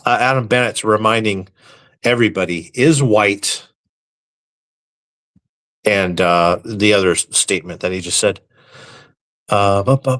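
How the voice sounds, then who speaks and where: A man hosting a live stream, reading viewer comments aloud and answering them with deadpan, crude, mock-serious jokes. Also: fairly low pitch, measured pace, long pauses. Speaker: livestream host reading chat. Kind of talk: casual live-stream banter.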